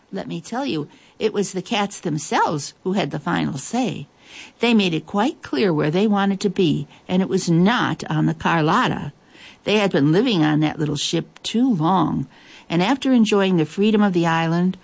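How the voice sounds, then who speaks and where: A woman reads a children's storybook aloud with an expressive, playful delivery. Her voice is low and gravelly with plenty of vocal fry. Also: normal speed. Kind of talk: storybook read-aloud narration.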